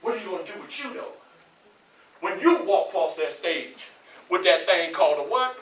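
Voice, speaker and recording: A man's voice: sits high, normal speed, slight background noise. Man, Southern accent, motivational speaker, call-and-response, roomy hall, distant mic. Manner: call-and-response, preachy and animated, asks the crowd questions. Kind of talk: motivational speech to students. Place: large echoey college hall. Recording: echoey hall, voice from far off.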